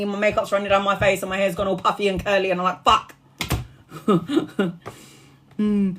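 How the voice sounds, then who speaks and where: A woman tarot reader chatting casually on a live stream, animated and laughing, swearing freely and acting out what people say. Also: medium pitch.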